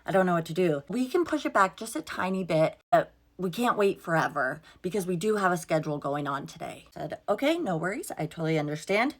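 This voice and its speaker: A woman's voice: fairly low pitch, big pitch swings, brisk, hardly any pauses. A young woman telling a storytime vlog in a casual, exasperated way, swearing freely and acting out what everyone said. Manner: exasperated, swears freely, quotes herself and others.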